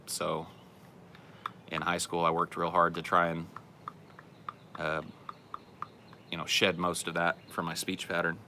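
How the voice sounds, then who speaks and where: A young man with a relaxed general American Southern drawl talks in a very deep yet bright, forceful voice. He stumbles and restarts his phrases as he answers questions in a casual podcast chat. A faint rumble sits under the recording. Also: measured pace, long pauses. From Central Valley of California. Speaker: podcast host.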